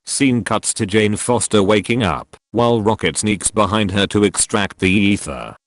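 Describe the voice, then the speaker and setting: A man's voice: fairly low pitch, moderate pace, dry recording, studio quality. A man reading a movie retelling aloud in a plain manner, announcing each speaker before their lines.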